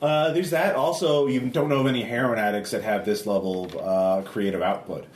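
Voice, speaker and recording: A man narrating as game master in a tabletop game, halting with many fillers. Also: fairly low pitch, steady tone, darkish tone. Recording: echoey room from a distance, background noise.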